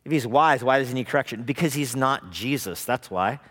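A man preaching a sermon at an evening worship service, lively, acting out the voices of hesitant and scoffing people. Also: mid-range voice, a little fast. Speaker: pastor. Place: church sanctuary. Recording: long reverb of a church hall.

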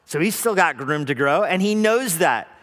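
A man preaching a sermon at an evening worship service, lively, acting out the voices of hesitant and scoffing people. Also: a little high, normal speed. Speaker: pastor. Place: church sanctuary. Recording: long reverb of a church hall.

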